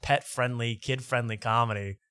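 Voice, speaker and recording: A man's voice: medium pitch, fairly even intonation, moderate pace, sharp tone, clean tone, no echo, studio quality. A man hosting a podcast, chatting casually and joking while reacting to old clips. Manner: loose, joking commentary. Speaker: podcast host.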